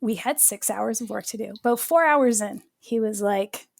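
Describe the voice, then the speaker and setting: A middle-aged woman hosting a podcast, telling a story in casual chat, candid and lively as she acts out bits of dialogue. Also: mid-range voice, moderate pace, creaky, dry recording, studio quality. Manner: animated storyteller who acts out quoted dialogue; candid, uses mild swearing. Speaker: podcast host.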